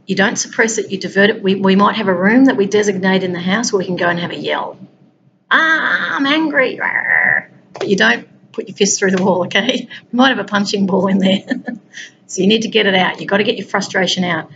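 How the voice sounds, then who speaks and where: Woman coach, conversational motivational talk, mid-pitched voice, faint background noise. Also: steady tone, fast, fairly bright tone, muffled recording. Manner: conversational, speaks directly to listeners. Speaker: peace and wellbeing coach.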